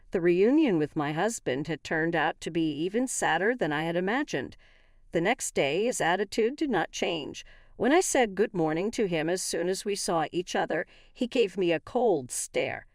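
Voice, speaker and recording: A woman narrating a first-person story in a steady, even reading voice. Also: on the low side, dry recording, studio quality.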